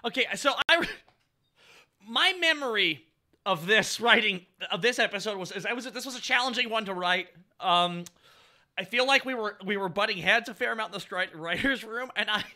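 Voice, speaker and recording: Bright, rambling male commentator. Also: high voice, lively intonation, normal speed. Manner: rambling, lots of restarts. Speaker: creator commentator. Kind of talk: casual commentary.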